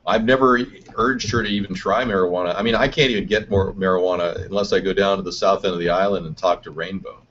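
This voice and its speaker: Husky low-voiced man hosting a chat show. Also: steady tone, fast, hardly any pauses, fairly bright tone. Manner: mock-candidate speechifying, swinging between booming and muttering. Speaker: show host. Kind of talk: satirical live chat show, playing a politician. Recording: dull lo-fi stream audio.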